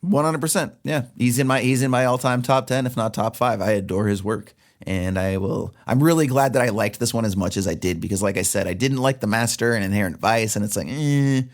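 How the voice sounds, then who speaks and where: A man co-hosting a film podcast, recapping the plot at length in a relaxed, casual chat. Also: mid-range voice, a little fast, hardly any pauses. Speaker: podcast co-host.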